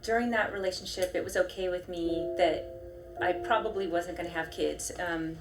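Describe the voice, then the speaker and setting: A woman's voice: on the low side, steady tone, normal speed. Woman, forties, from New York, candid, emotional, laughs often, reality footage, music behind. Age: 40s. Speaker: documentary subject.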